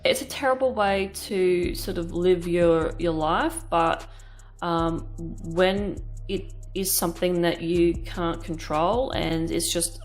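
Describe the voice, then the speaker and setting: A woman in her thirties chatting candidly while she paints, rambling and swearing casually. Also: fairly low pitch. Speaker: art vlogger.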